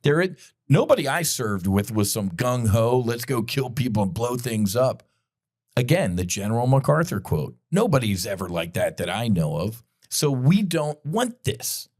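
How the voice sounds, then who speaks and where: A man's voice: mid-range voice, sing-song, normal speed, darkish tone. A middle-aged man hosting a podcast, delivering an impassioned, blunt commentary monologue with frequent profanity and direct appeals to his listeners. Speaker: podcast host.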